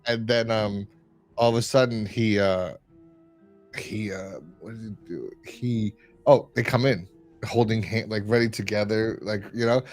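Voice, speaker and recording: A man's voice: fairly low pitch, steady tone, measured pace, faint music behind. A man co-hosting a casual review podcast, retelling scenes with lots of fillers and quoted lines. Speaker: podcast co-host. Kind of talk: casual chat.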